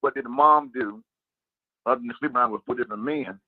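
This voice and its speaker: A man's voice: mid-range voice, quick pace, no echo. Brief: male phone caller, emphatic and opinionated, tinny phone line. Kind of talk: casual call-in radio chat.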